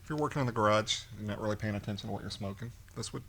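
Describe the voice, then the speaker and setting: A man's voice: fairly low pitch, very fast, a bit bright, slightly rough. A man co-hosting a casual review podcast, chatting with dry joking asides. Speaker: podcast co-host.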